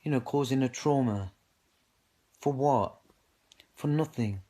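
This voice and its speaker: A man's voice: mid-range voice, slow pace, dark tone, slightly rough. A man with a British English accent giving an aggrieved personal account to camera, indignantly recounting events and quoting himself with repeated "I go". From United Kingdom. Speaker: man speaking out on social media.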